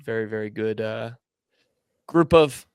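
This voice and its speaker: A man's voice: on the low side, a little slow, a little mellow, clean tone, no echo. A young man co-hosting a casual sports podcast, rambling and teasing his co-hosts, often restarting his sentences. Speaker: podcast co-host.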